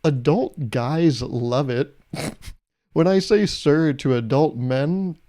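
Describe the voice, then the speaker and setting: A man's voice: fairly high pitch, takes it slowly, dark tone. A young man hosting a solo podcast, riffing in a self-mocking way and acting out little imagined exchanges. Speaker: podcast host. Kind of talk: solo comedic podcast monologue.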